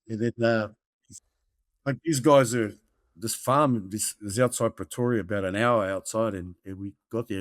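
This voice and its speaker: A man's voice: on the low side, dry recording, clean studio sound. A man in his fifties with a New Zealand accent, telling rambling rugby-tour anecdotes as a podcast guest and calling everyone mate. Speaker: guest, former rugby player. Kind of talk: casual storytelling.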